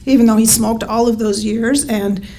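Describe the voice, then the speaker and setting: A woman's voice: fairly high pitch, fairly even intonation, normal speed, warm tone, rough recording. A middle-aged woman telling a true story at a live storytelling event into a stage microphone, wry and often breaking into laughter.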